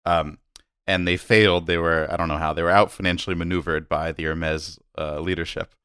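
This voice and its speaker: A man hosts a casual podcast, telling things in an animated, amused way. His voice is very deep. The sound is dry and close-miked. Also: fairly quick, smooth, no room sound. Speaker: podcast host.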